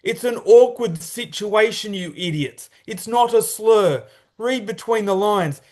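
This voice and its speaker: A blunt Australian man co-hosting a sports podcast, swearing and ranting in casual banter. His voice sits notably high for a man. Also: a little slow, darkish tone. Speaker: podcast co-host.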